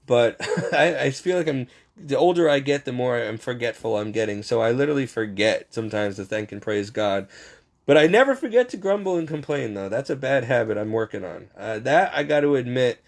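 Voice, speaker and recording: A man's voice: medium pitch, animated, brisk, vocal fry. A man giving a casual, rambling faith monologue, poking fun at himself and chuckling as he talks. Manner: rambling, self-mocking storyteller; frequent chuckles.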